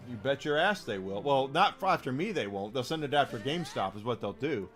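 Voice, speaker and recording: A man's voice: medium pitch, animated, fairly quick, a bit bright, faint music behind. A man streaming a game who rants casually to his chat, emphatic and profane, repeating phrases for stress.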